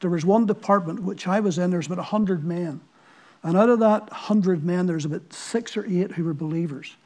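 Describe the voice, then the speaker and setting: A man's voice: high voice, a little mellow. A man with a Northern Irish accent preaching a sermon, telling stories and asking the listeners earnest rhetorical questions. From Northern Ireland.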